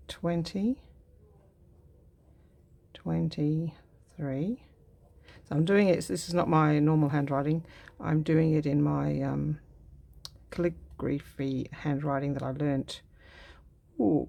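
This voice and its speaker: Low, gravelly woman chatting while crafting. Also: steady tone, mellow. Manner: musing aloud while cutting and gluing, unhurried and chatty. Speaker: craft vlogger. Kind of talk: casual crafting tutorial.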